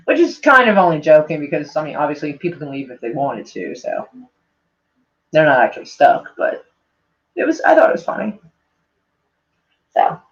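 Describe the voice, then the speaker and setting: A woman's voice: sits low, wildly swooping pitch, unhurried, long pauses. A woman streamer chatting casually with her viewers in a rambling, self-mocking way, swearing freely. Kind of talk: casual livestream chat. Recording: dull lo-fi sound.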